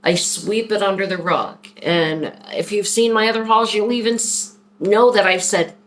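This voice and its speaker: A woman's voice: on the high side, lively intonation, moderate pace, hardly any pauses, a bit bright. A woman talking openly and at length in a personal vlog, rambling and heartfelt as she speaks to a viewer. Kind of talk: candid personal vlog talk.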